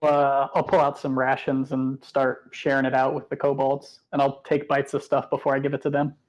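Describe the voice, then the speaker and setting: An easygoing man player describing his moves in a playful, everyday voice of middle pitch. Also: monotone, normal speed, highs cut off. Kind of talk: casual tabletop play.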